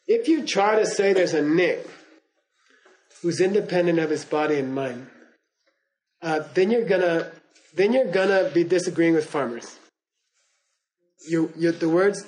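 Older man, class lecturer, rambling and chuckling, a touch high-pitched. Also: darkish tone, low-quality recording. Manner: digressive storytelling, frequent "okay?" and "you know?" check-ins; chuckles while telling stories. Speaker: teacher. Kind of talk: lecture to students.

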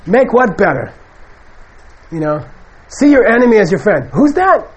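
Male Buddhist teacher, higher pitched, loose and animated lecture delivery. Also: moderate pace, breathy edge, highs cut off. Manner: conversational, animated, acts out quoted people. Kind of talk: casual spoken dharma lecture.

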